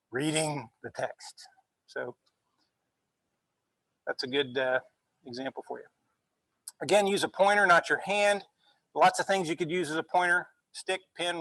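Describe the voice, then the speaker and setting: A man's voice: on the high side, a bit bright, dry recording, rough recording. Guy teaching a college class, chatty, keeps saying okay, dry close sound. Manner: conversational, frequent "okay?" check-ins. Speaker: university instructor. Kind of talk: classroom lecture.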